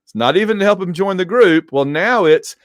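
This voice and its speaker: A man casually reviewing a comic book issue, animated and digressive, with joking asides. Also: sits high, fairly quick, no room sound, studio quality. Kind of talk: casual commentary.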